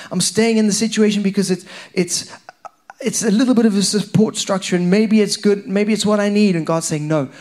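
A man preaching a conversational, animated sermon to a church congregation. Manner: animated, conversational, rising in pitch when stirred.

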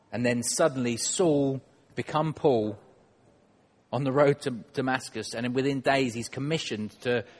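A man's voice: medium pitch, long reverb tail. A man preaching a sermon in church, conversational and self-deprecating, putting questions to the congregation.

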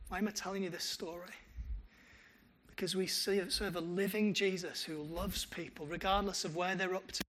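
High-voiced male pastor preaching. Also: moderate pace, a little hiss or hum. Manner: animated storytelling with quoted dialogue. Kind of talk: sermon.

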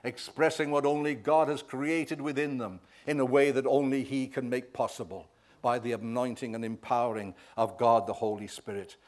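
A male preacher delivers an emphatic sermon at a middling pitch. He swells loud on key words and keeps checking in with his listeners with a quick "right?". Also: steady tone.

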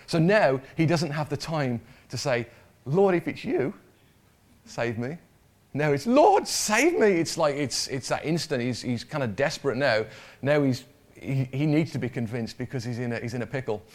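A man's voice: medium pitch, moderate pace, a little mellow. A man preaching a sermon in a conversational way, often repeating words and putting questions to the congregation.

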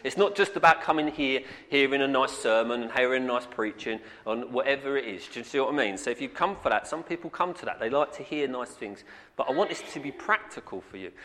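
A man's voice: medium pitch, fairly bright tone. A man preaching a sermon, earnest and repetitive, often calling out "amen". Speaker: pastor. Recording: long reverb in a hall.

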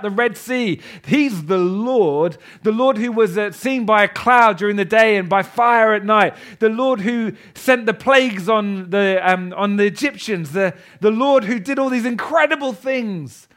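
A man preaching a sermon to a congregation in a church. He talks with passion, swinging between loud declarations and hushed asides. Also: sits high.

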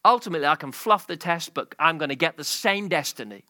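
A man's voice: on the high side, expressive, quick pace, bright, forceful tone, no room sound. A male pastor preaching a sermon, telling a story and building to a passionate climax.

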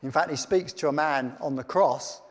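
Male preacher, slightly high voice, long hall reverb. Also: moderate pace. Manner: reads scripture aloud then comments in plain chat. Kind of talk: sermon.

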